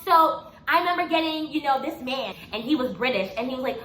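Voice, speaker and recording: A young woman in her twenties casually telling a personal story to camera, animated and laughing often as she acts out what people said. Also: high voice, fast. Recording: echoey room with faint noise.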